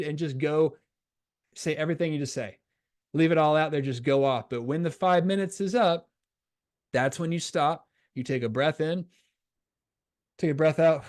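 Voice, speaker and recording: A man coaching young soccer players on mental skills, energetic and acting out the voices in their heads. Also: fairly high pitch, normal speed, long pauses. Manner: energetic, acts out inner voices. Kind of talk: coaching talk to a youth soccer team.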